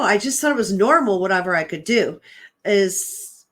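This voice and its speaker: A woman's voice: medium pitch, animated, moderate pace, fairly bright tone. A woman hosting her own show, telling a personal story in a casual, chatty way. She retells conversations with lots of "I'm like" and "um", and sounds earnest and emotional. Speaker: host and psychic medium.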